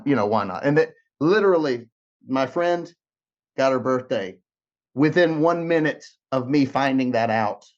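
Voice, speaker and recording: At a normal speed, this medium-pitched man sounds animated, but the audio is dull. Guesting on a podcast, he recounts an emotional story and re-enacts the dialogue, often repeating and restarting his words.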